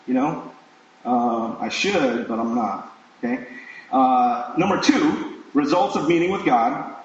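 A man's voice: mid-range voice, slight background noise. A man preaching a sermon in a conversational way, with frequent fillers and restarts. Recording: distant mic in an echoey room, dull sound.

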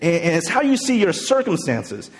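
High-voiced male pastor in reverberant hall. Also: sing-song, normal speed. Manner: conversational, asks the congregation questions. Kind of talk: sermon. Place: church sanctuary.

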